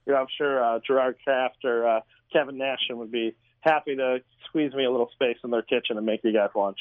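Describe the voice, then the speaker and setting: A man's voice: mid-range voice, fairly even intonation, fairly quick, no echo. An easygoing man chef calls into a podcast, stumbling through many fillers. His voice comes over a tinny, phone-like line, dry and close. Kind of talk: casual interview answers.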